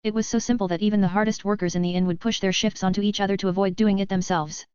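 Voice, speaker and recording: Female light-novel narrator with a steady read; crisp, dry, close recording. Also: mid-range voice, fast, no room sound. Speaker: audiobook narrator. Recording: dry, slightly dull lo-fi.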